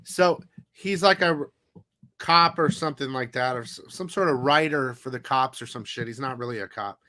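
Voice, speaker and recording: A man's voice: mid-range voice, moderate pace, pushed and bright, no echo. A man hosting a comic haul live stream, chatting casually in a rambling, profane way. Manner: rambling, profane, loose storytelling. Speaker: comic haul show host.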